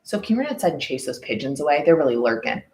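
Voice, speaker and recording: A woman hosting a casual podcast livestream, chatting loosely with lots of fillers and restarts, and quoting others in a mock higher voice. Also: very animated, very fast, a little mellow. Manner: rambling, many fillers and restarts. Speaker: podcast host.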